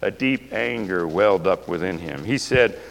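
A man's voice: deep voice, expressive, normal speed, vocal fry. A male pastor preaching a sermon with passion, throwing rhetorical questions at the congregation. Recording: long reverb of a large hall.

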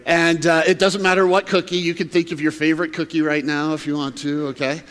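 A man's voice: a little high, flat delivery, brisk, a bit bright, long reverb tail. A male pastor preaching a sermon, reading Scripture and then talking to the congregation in a conversational way, asking them questions. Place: church sanctuary.

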